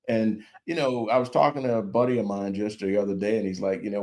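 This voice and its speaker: A man's voice: lowish voice, a little fast, darkish tone. A middle-aged man, a guest on a podcast, talking in a folksy, conversational way. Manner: folksy, conversational, with many "you know"s. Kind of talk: casual podcast chat.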